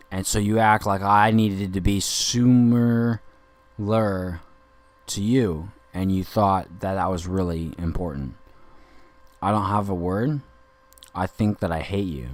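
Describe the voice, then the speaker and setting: A man playing an angry, rambling Dick Grayson in a profane comedic podcast monologue. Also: low-pitched. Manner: rambling, profane, indignant ranting.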